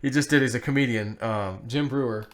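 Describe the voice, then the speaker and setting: A man's voice: medium pitch, fairly quick. Rambling man talking to camera. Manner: rambling, animated, laughs to himself, frequent fillers. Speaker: vlogger. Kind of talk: casual solo commentary reading social posts aloud.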